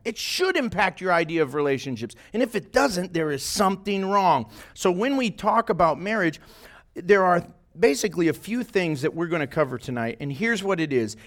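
A pastor with a fairly high voice gives a relaxed, conversational sermon. He keeps checking in with his small audience by asking them questions. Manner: conversational, asks the listeners questions often. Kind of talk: informal sermon to a small group. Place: church meeting room, live-streamed.

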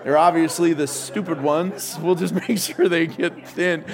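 A man preaching a sermon as pastor, joking and telling stories with sudden loud outbursts. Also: a little high, fairly even intonation, a little slow, creaky, faint music behind.

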